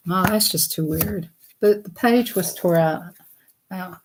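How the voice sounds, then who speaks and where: Woman, slow, low-ish voice, giggly read-aloud vlogger who chats to viewers. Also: noisy background. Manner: chatty, giggly, talks to viewers, reads slowly. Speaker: vlogger reading children's books. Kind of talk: casual read-aloud chat.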